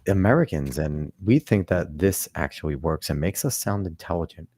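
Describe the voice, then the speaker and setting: A man's voice: low-pitched, moderate pace, husky, dry recording, studio quality. A man co-hosting a podcast, chatting casually and profanely about politics. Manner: animated, profane, swinging loud and soft. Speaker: podcast co-host.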